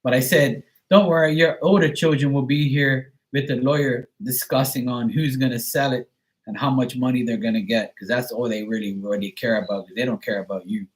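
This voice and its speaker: Casual male streamer, rambling and sarcastic, mid-pitched voice. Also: steady tone, fairly quick, low-quality recording. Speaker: live stream host reading chat. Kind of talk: casual chat.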